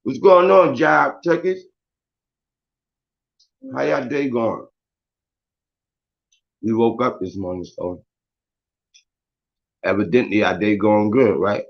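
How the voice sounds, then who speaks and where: A man's voice: fairly low pitch, takes it slowly, vocal fry, pauses often, dull audio. A man hosting a casual morning live stream, talking in loose slang, swearing and greeting his viewers by name.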